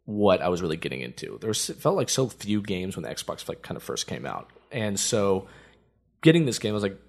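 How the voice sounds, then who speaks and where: A man's voice: deep voice, huge pitch swings, fairly quick, vocal fry. A young man co-hosting a casual podcast chat, laughing often and repeating words as he tells stories. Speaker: podcast co-host.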